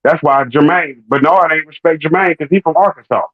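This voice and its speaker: A man's voice: a little high, a little fast, dry recording. Slangy man on a tinny phone line. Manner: slangy, emphatic, profane. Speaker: panelist on a boxing talk stream. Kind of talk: casual boxing chat.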